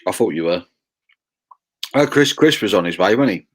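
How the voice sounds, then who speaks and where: A man's voice: lowish voice, lively intonation, normal speed. A man from the Suffolk coast, chatting casually and playfully over beers on a live stream. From Suffolk coast, England. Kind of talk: casual beer chat.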